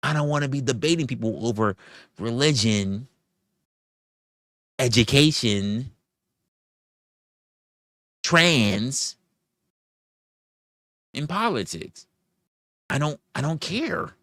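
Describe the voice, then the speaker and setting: Animated, profane livestream host ranting. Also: male voice, mid-range voice, slow, long pauses, no room sound, studio quality. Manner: profane, argumentative, fires rhetorical questions; reads out and thanks viewer donations. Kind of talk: live-stream commentary and rant.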